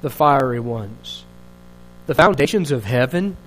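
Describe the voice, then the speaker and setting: A man's voice: mid-range voice, animated, unhurried, poor audio. A male pastor preaching a sermon in an earnest, searching way, asking rhetorical questions and restarting his phrases.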